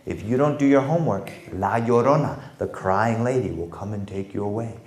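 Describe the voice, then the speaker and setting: A man performing a story for children, dramatic and animated, addressing the audience directly, in an echoey room. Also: fairly low pitch, a little fast. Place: performance space with a young audience.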